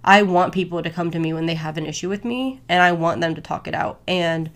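Brief: young female podcast host, lower-pitched, candid chatty delivery full of fillers. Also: brisk. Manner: candid, conversational, many "like" fillers. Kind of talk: casual solo podcast talk.

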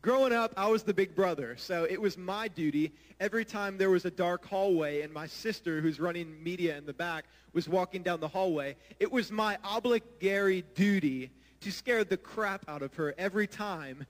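An earnest man delivers a sermon, his fairly high voice ringing out with a long hall reverb behind it. He talks straight to the congregation, pressing them with questions. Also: moderate pace, hardly any pauses. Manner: earnest, asks the audience direct questions. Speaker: pastor.

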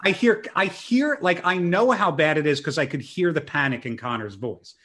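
Man, young adult, slightly high pitch, animated, self-mocking, casual storytelling. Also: moderate pace. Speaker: guest telling a story. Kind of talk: casual storytelling in a podcast chat.

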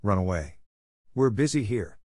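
A man reading aloud and voicing a big, grumpy old male walrus who talks in a gruff, dismissive way. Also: lowish voice, lively intonation, normal speed, a little mellow, dry recording, clean studio sound.

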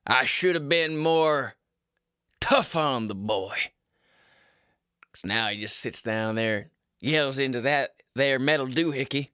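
A man voicing a gruff, old-fashioned middle-aged father who scolds in a low folksy drawl. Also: bright, forceful tone, dry recording, clean studio sound, exaggerated voice.

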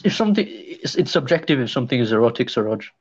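A man's voice: mid-range voice, very animated, fast talker, crowd noise. A young man co-hosting a casual podcast, goofy and repeating jokey catchphrases. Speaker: podcast co-host. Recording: dry dull close mic.

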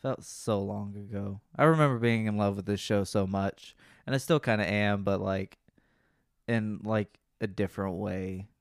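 This podcast co-host chats casually in a fairly low, fairly even voice at normal speed, rambling, laid-back, and sleepy while swearing freely. The recording is dry and clean, studio quality.

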